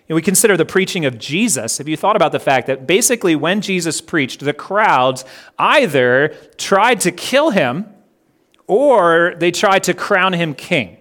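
A man's voice: fairly high pitch, very animated, fairly bright tone. Earnest man preaching a sermon. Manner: earnest, slows down and stresses items in lists. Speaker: pastor.

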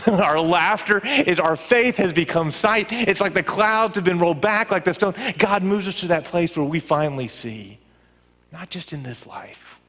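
A middle-aged man preaching a conversational sermon, animated and acting out little quoted reactions. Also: high-pitched, a little slow. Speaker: pastor and college professor. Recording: long reverb of a large hall.

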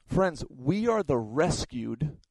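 A man's voice: on the high side, big pitch swings, takes it slowly, a little mellow, no echo, poor audio. A man preaching a sermon, telling stories and often repeating his words as he goes. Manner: storytelling, stumbles and repeats words. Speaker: pastor.

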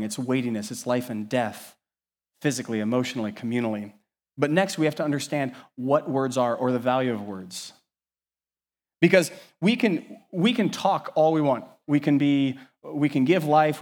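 Male pastor preaching a sermon, middle-pitched voice, lively, moves from quiet asides to punchy emphasis. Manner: animated, varies loudness widely, conversational asides.

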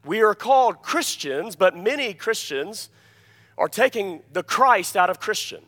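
A pastor preaching a sermon, emphatic, often asking the congregation "Amen?" and dropping to quiet asides between louder points. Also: male voice, expressive, measured pace. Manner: emphatic, repeats key phrases, calls "Amen?" to the congregation; swings between loud emphasis and quiet, low-voiced asides.

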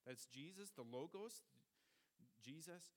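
A man's voice: fairly high pitch, animated, slow pace. A man preaching a sermon, explaining Bible verses step by step in a teacherly way.

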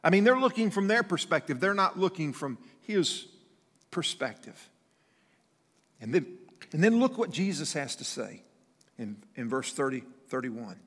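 Male pastor, somewhat high voice, preaching with animation; long hall reverb. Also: moderate pace. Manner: animated preaching, acting out the people in the story. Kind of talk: sermon.

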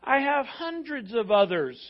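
A man's voice: very high voice, big pitch swings, measured pace, lo-fi sound, pitched above the performer's own voice, exaggerated voice. A man voicing God as an incredulous, challenging figure.

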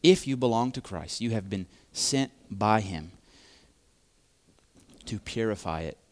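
A man preaching a sermon, speaking deliberately and repeating key phrases for emphasis. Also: lowish voice, animated.

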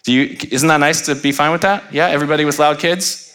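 A man's voice: on the high side, steady tone, fast, fairly bright tone, smooth. Joking pastor in his thirties. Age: 30s. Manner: storytelling with jokes and asides to the congregation. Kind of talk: humorous sermon. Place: church sanctuary.

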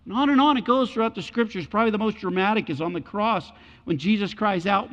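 High-pitched, quick, and fairly bright, a man's voice carries a dramatic sermon in which he gives voice to figures from the Bible. The audio is dull and lo-fi, echoing through a hall.

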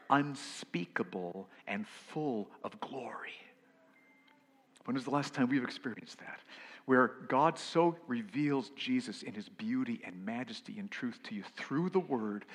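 A man preaching a sermon as pastor, earnest, rising to loud emphasis and dropping to hushed whispers. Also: medium pitch. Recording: long hall reverb.

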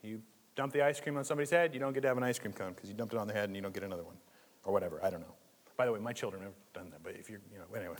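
A man preaching a sermon in a church, conversational and animated, with jokes and asides. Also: lowish voice, rapid-fire, long reverb tail, a little hiss or hum. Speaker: pastor.

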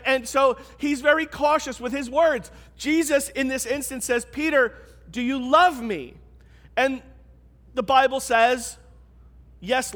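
A man with a very high voice delivers a sermon, talking to the congregation in a loose, conversational way and leaning hard on key words. His voice rings out with the long reverb of a large church hall. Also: sharp tone. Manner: conversational, emphatic preaching. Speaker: pastor.

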